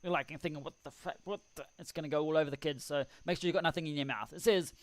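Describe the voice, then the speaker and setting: High-voiced rambling New man. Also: steady tone, rapid-fire, no room sound. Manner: rambling, chuckling, self-deprecating. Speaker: live-stream host reading chat. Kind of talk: casual live-stream chat. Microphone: desk microphone.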